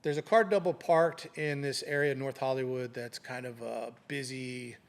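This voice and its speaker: At a moderate pace and mid-range pitch, a middle-aged man who retired as a police sergeant shares a story in a laid-back interview. He tells it animatedly, acting out the voices of those he quotes.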